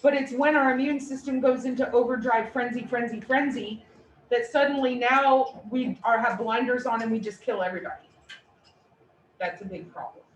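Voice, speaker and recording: A woman instructor giving a lively, playful classroom lecture. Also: fairly high pitch, brisk. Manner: animated, playful explanations. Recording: echoey room, distant mic, faint noise.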